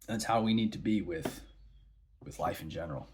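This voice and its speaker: A man with a notably deep, low voice speaks casually to the camera. He rambles and restarts his sentences, thinking out loud as he goes. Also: moderate pace, noisy background. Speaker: vlogger. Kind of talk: casual monologue.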